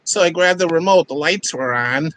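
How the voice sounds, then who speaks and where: Casual male guest, relaxed storyteller, somewhat high voice, dry recording. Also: moderate pace, dry recording, low-quality recording. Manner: relaxed storytelling about his cat. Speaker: live chat guest. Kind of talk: casual chat.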